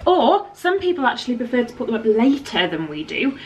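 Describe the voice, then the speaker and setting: A woman's voice: fairly high pitch, very animated, a little fast, darkish tone. A young woman chatting playfully at home for a vlog, often breaking into giggles. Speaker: vlogger. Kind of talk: casual home vlog chat. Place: home living room.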